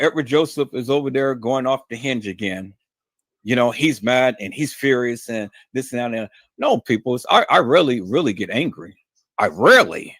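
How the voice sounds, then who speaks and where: The recording is dry and studio quality as a male YouTube live stream host talks to his audience in a repetitive livestream monologue. He calls them "peoples" and swings between low muttering and high, shouted emphasis.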